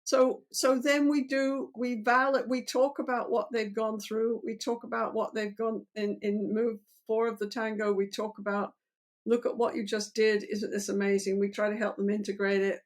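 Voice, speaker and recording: An older woman therapist explaining her methods in an interview, animated, acting out lines of dialogue between client and therapist. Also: on the high side, moderate pace.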